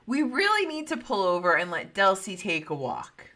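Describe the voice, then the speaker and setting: A woman voicing an excited, insistent wife who is staring at a strange light in the night sky. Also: medium pitch, moderate pace, exaggerated voice.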